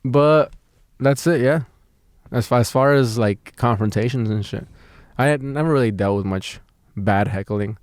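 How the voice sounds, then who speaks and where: A man's voice: mid-range voice, moderate pace, a little mellow, no echo. A man, a stand-up comedian, telling a rambling story in casual podcast chat, full of fillers, restarts and swearing.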